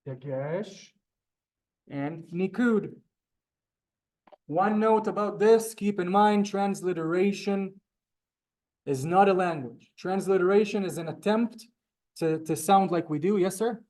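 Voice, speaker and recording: A man's voice: sits high, slow, pauses often, a little mellow. A man teaching a live beginner Hebrew class in a synagogue classroom, polite and chatty, often calling students "sir". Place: synagogue classroom, also streamed on Zoom.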